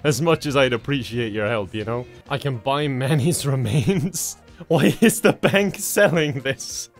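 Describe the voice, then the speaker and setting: A man's voice: medium pitch, a little slow, soft background music. A young Irish man giving comedic, sarcastic commentary while playing a video game, laughing at what he sees. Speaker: gaming YouTuber.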